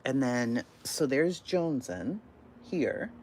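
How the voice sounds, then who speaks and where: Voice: mid-range voice, expressive, slow, darkish tone, a little hiss or hum. A channel host reacting in casual commentary, incredulous and swearing, firing off exclaimed questions.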